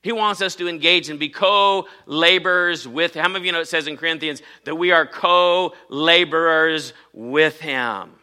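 Male pastor, forceful, sharp-edged voice, slightly high pitch, preaches emphatically and quizzes the room. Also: normal speed, few pauses, clear, resonant tone. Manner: emphatic preaching, asks the congregation questions. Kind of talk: sermon. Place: church.

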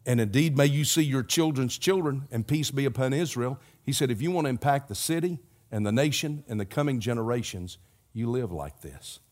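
A man preaching a sermon, telling a story and slowing down, dropping to a hush for the key lines. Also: mid-range voice. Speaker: pastor.

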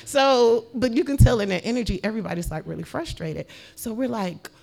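A woman from the United States telling a personal story on a podcast, animated, swearing freely and laughing as she goes. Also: on the high side, brisk, creaky. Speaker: podcast guest. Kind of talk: casual storytelling.

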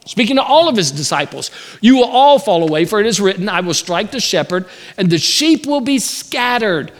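Man preaching, high voice, very animated delivery, acts out the story's voices. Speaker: pastor. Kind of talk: sermon.

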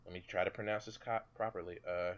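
A man's voice: low-pitched, steady tone, quick pace. A young man co-hosting a podcast in casual chat, easygoing with dry asides. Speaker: podcast co-host. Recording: dull lo-fi sound.

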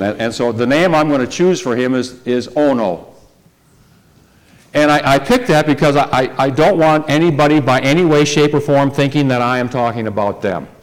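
A male preacher delivering a sermon, talking deliberately and putting rhetorical questions to his listeners. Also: medium pitch. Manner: deliberate, rhetorical questions to the congregation, repeats words.

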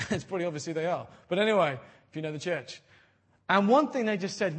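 Man, pastor, sermon, husky, high voice, lively with hushed asides. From Britain. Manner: animated, jokey preaching with quoted voices and sudden drops to a hush.

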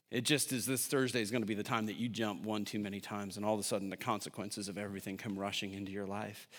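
A man in his thirties preaching a sermon as a pastor, conversational and jokey, tagging his points with quick asides to the congregation. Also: fairly low pitch. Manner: animated and conversational, jokey asides, constant "right?" tags. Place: large church hall. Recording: long hall reverb.

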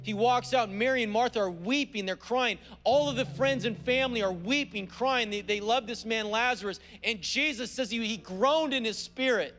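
A pastor delivers a church sermon in a notably high male voice, hammering home his points by repeating phrases. When he reads scripture aloud he slows right down. A soft instrumental plays faintly underneath. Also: faint music behind. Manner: emphatic preaching with repeated phrases for emphasis. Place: church service.

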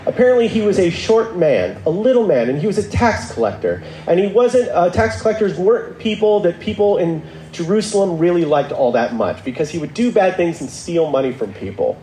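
A man preaches in a relaxed, conversational storytelling style, lowering his voice when he acts out what people said. His voice sits a little high but sounds mellow and warm. The room is echoey, with a faint hum of ambience behind him. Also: brisk, hardly any pauses. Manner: storytelling, acting out quotes in a lower voice; conversational, with asides and restarts. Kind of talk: sermon.

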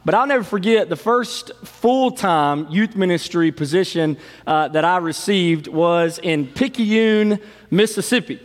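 A middle-aged man, a pastor telling stories in an animated sermon. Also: high voice, unhurried. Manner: storytelling, animated, fond of shouting the cheer. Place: large church sanctuary. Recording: long hall reverb.

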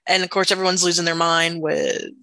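A woman with a bright, sharp voice and a slightly low pitch rambles excitedly in casual chat. The recording is dry and close. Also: fairly quick, vocal fry, dry recording. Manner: excited, rambling fan talk.

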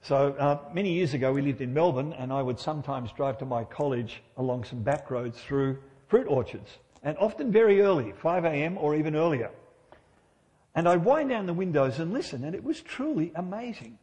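A man's voice: fairly high pitch, sing-song, moderate pace, warm tone, big-room sound. A middle-aged man preaching a sermon in church, conversational and humorous, often asking his listeners rhetorical questions.

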